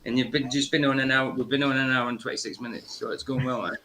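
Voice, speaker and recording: A man's voice: medium pitch, fairly even intonation, quick pace, bright, forceful tone, a little hiss or hum. Upbeat Scottish man on a stream. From Scotland. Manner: encouraging, repeats himself. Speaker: stream co-host. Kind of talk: casual livestream chat.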